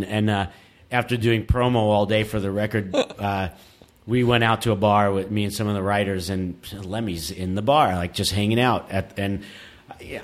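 A man, a podcast guest telling a long story in a casual, animated and profane way, laughing often. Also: on the low side. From Queens, New York. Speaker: podcast guest, metal musician.

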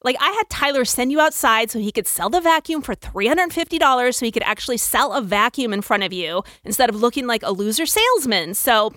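A woman's voice: a little high, sing-song, brisk, hardly any pauses, a bit bright, dry recording, studio quality. A woman mimicking a smug, condescending male boss in her own voice. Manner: condescending, mocking.

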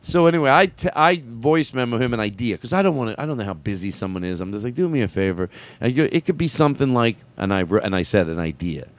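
A man's voice: medium pitch, lively intonation, fast, few pauses. A man hosting a podcast in casual chat, rambling and stammering with frequent laughs. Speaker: podcast host.

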